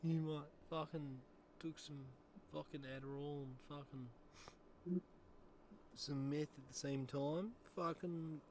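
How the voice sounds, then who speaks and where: A half-asleep, drugged-out man slurs along in a quiet mumble and tags mate onto everything, as a man puts the voice on for a stream. The voice sits somewhat high, with a faint hiss in the background. It stays drowsy and loose for a comedic gaming-stream bit. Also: fairly even intonation, takes it slowly. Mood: groggy.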